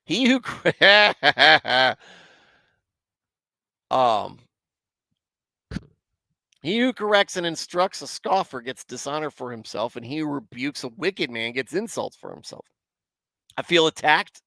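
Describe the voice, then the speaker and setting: A man's voice: a little high, sing-song, measured pace, vocal fry, pauses often, fairly bright tone, dry recording. A man hosting a livestream, commenting on scripture in a rambling, self-deprecating way and chatting with viewers. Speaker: Bible commentary livestream host.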